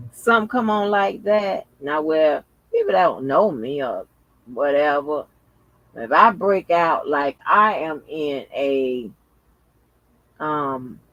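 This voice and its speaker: A man's voice: fairly high pitch, fairly bright tone, no room sound, lo-fi sound. Chatty, profane man hosting a vlog. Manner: chatty, profane, exclamatory, addresses viewers as y'all. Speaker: channel host. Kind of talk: casual vlog commentary.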